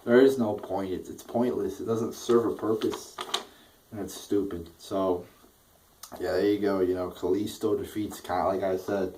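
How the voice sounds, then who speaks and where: A man's voice: low voice, steady tone, normal speed, dark tone, far from the mic, a little hiss or hum, rough recording. A young man ranting through a wrestling show review, exasperated, swearing constantly and repeating himself.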